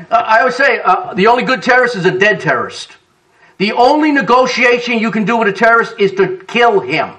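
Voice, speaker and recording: Heard from a distance, a very high-pitched male voice delivers a sermon full of stories. The pastor laughs along the way and acts out the quotes.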